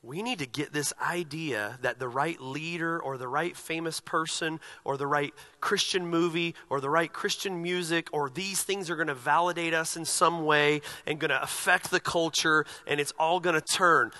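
A male pastor preaching a sermon, moving from quiet, slow passages to loud, emphatic ones. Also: fairly high pitch, steady tone.

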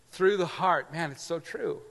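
A man preaching a sermon, animated and conversational, acting out imagined voices as he teaches. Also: gravelly, big-room sound. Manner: animated, acts out imagined voices with big pitch swings. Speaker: pastor.

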